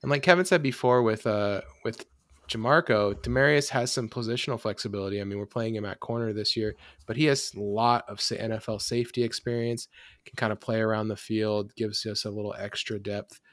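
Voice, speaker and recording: A man's voice: lowish voice, steady tone, a little fast, a bit bright, no room sound, clean studio sound. A man hosting a casual sports podcast, rambling with many fillers while he has the hiccups. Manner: rambling, self-interrupting, lots of fillers. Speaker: podcast host.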